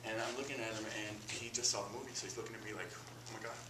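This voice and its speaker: A man from Miami performing an animated, self-mocking comic monologue on a theater stage. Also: on the low side, rapid-fire, distant mic. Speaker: solo performer. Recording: roomy stage taped from afar, noisy.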